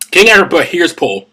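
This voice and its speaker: Brief: husky man, lively swings in pitch, rambling and profane, a little drunk. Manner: rambling, profane, tipsy asides. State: drinking gin. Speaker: host of a comedic Bible reading. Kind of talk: casual comedic commentary.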